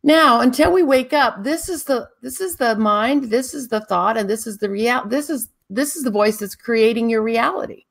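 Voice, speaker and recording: A woman hosting a spiritual talk show, guiding listeners in a calm, drawn-out, meditative way. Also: a little high, vocal fry. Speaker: spiritual teacher and show host.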